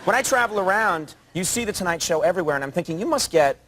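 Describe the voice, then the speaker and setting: Guy hosting a late night show, kinda high voice, jokey and halting, faint noise behind. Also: lively intonation, fairly bright tone. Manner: joking, with hesitant fillers. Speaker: talk show host. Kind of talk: casual interview banter.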